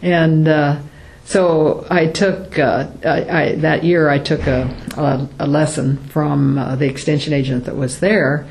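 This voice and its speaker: An older woman giving an oral history interview, speaking haltingly with many fillers and restarts. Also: sits low, steady tone, darkish tone.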